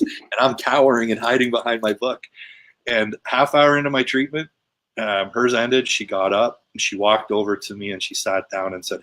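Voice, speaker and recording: A man's voice: fairly low pitch, fairly bright tone. A man guest telling a personal story in casual, emphatic conversation. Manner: emphatic, retelling with quoted dialogue.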